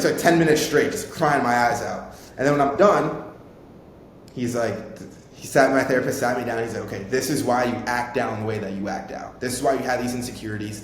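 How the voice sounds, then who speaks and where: This young male podcast host, in his twenties, swears liberally as he wanders through an informal personal story. The recording has heavy room echo and a faint rumble underneath.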